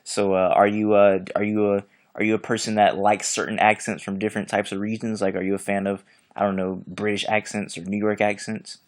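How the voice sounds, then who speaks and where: A man's voice: on the low side, flat delivery, brisk. A man from Florida hosting a casual interview, eager and chatty, asking long rambling questions. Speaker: host.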